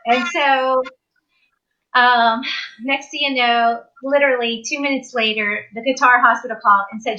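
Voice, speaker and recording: A woman guest on a live talk show, telling a personal story in an animated way and acting out the people she quotes. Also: a little high, normal speed, lo-fi sound.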